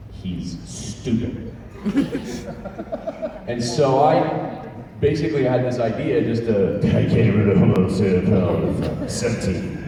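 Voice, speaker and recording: A man's voice: fairly low pitch, noisy background. A man on a convention panel, telling profane, laughing anecdotes during an audience Q&A. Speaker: voice actor panelist. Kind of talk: convention Q&A storytelling. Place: large convention hall with an audience. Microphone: distant microphone. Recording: echoey hall, distant mic, crowd.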